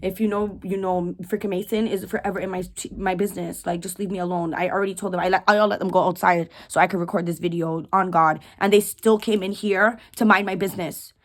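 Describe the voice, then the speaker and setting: A woman in her twenties talking to camera at home, rambling and candid with slang and dark jokes. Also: on the low side, fairly even intonation, fast talker, few pauses. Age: 20s. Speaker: vlogger, widow. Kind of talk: casual talk to camera. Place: home room.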